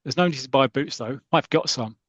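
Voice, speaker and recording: A man's voice: medium pitch, a little fast, a bit bright, no echo, natural voice. A man reading aloud the lines of an eager young schoolboy from a comic strip. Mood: earnest.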